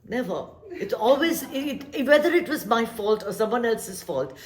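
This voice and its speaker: A woman giving life advice in a casual, reflective talk, animated and emphatic, repeating her points and dropping to a soft whisper for emphasis. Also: a little high, normal speed. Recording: echoey room.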